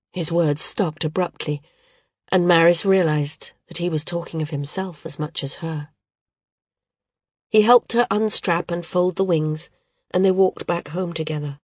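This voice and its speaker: Low-voiced woman narrating an audiobook. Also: a little mellow, slightly rough, no room sound, clean studio sound. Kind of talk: scripted narration.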